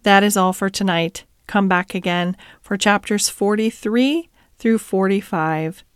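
A woman reading a classic novel aloud in a calm, steady storybook style. Her voice is smooth and clear, and the recording is dry and close with no room echo. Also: medium pitch, unhurried. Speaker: audiobook narrator. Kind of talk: scripted narration.

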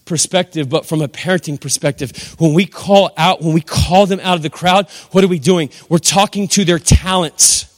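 A man's voice: fairly high pitch, normal speed, hardly any pauses. A middle-aged man preaching a sermon as pastor, emphatic and repetitive, with rhetorical questions. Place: church hall. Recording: long hall reverb.

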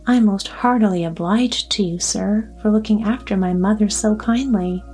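A woman voicing a grown son who speaks in a calm, matter-of-fact way. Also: mid-range voice, normal speed, breathy edge, soft background music, lightly acted. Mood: steady. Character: grown son, plain-spoken and steady.

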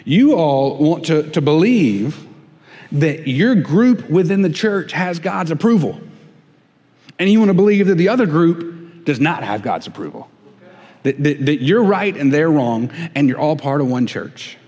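A man preaching a sermon, conversational and emphatic, growing loud and indignant when quoting. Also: on the high side, animated, a little slow, long reverb tail. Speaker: pastor.

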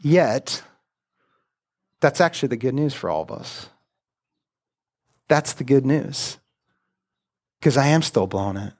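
A man, a pastor, preaching a sermon in a relaxed, conversational way, often repeating words as he starts a thought. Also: medium pitch, takes it slowly, long pauses.

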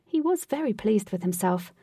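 A woman narrating a storybook in an even, clear reading voice at a middle pitch. The recording is dry with little room sound. The mic sits slightly away from her. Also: moderate pace, dry recording, distant mic.

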